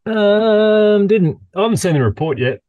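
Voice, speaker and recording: A man's voice: high-pitched, animated, unhurried, dry recording, phone-quality sound. A man co-hosting a podcast, laid-back and casually swearing. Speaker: podcast co-host. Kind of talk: casual chat.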